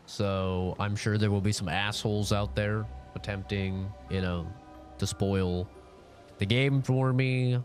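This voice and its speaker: A man's voice: on the low side, steady tone, slow pace, faint music behind. A sick young man with a nasal voice, chatting casually with his live-stream audience in a rambling, laid-back way.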